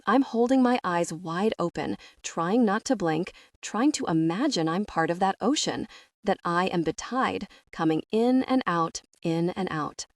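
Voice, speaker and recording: A woman narrating a first-person romance audiobook in a steady, even reading voice. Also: on the low side, a little slow, dry recording, clean studio sound.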